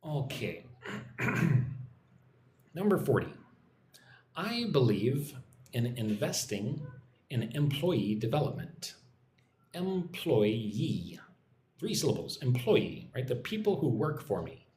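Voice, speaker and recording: A man teaching English on a live stream, his pitch rising and falling a lot as he explains each sentence. He repeats key words and keeps checking in with "right?". The room gives his voice a clear echo. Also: big pitch swings, slow pace, long pauses, darkish tone, slight background noise. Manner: patient, repeats and explains, often asks "right?".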